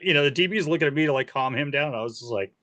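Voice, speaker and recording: This is a man hosting a relaxed interview. He tells stories in an animated way, often laughing mid-sentence. His voice sits in a middle range and shifts a lot as he acts out what others said. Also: fairly high pitch, very fast. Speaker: podcast host. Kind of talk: casual interview storytelling.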